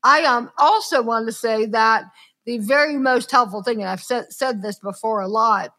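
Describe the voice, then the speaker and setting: A woman's voice: on the high side, normal speed, fairly bright tone. A woman hosting a podcast, talking earnestly and emphatically in casual conversation, often acting out what people said. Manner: earnest, emphatic, acts out quoted speech. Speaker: podcast host.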